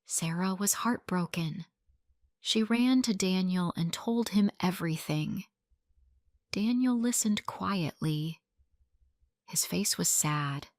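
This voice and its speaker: A woman's voice: on the low side, no room sound. A woman reading a simple love story aloud as narrator for English learners. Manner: slow, clear, simple storytelling.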